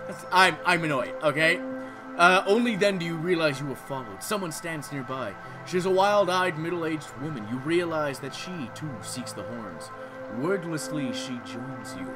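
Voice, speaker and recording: A man playing a horror game who reads its text aloud and comments between passages, swearing freely and breaking into loud, annoyed rants. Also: fairly high pitch, expressive, moderate pace, music in the background. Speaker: gameplay streamer.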